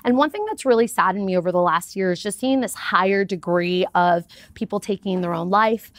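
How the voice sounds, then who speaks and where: A woman talking as a guest in a casual interview, with upbeat and expressive storytelling. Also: medium pitch, no echo. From United States. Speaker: podcast guest.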